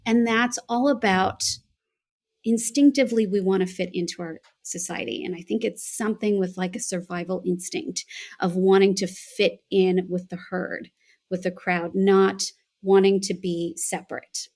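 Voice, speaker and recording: A woman's voice: medium pitch, fairly even intonation, normal speed, a little mellow. A woman with an American accent, a voice and accent coach, telling a reflective story as an interview guest. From United States. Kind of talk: conversational interview answer.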